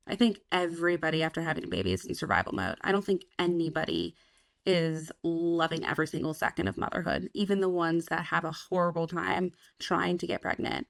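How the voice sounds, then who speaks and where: A woman's voice: lowish voice, fairly quick, vocal fry, dry recording. A young woman co-hosting a podcast, talking frankly and casually, swearing freely and acting out her own past thoughts. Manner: frank, swears freely, quotes herself in voices. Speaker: podcast co-host. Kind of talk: candid casual chat.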